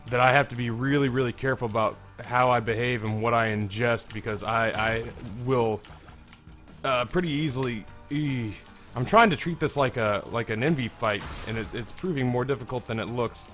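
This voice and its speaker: This is a young man with a hoarse, strained voice, commentating on his own gameplay as a let's play host. He rambles candidly and swears casually, sitting at an ordinary middle pitch. A little music plays quietly behind him. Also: normal speed. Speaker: gaming video host.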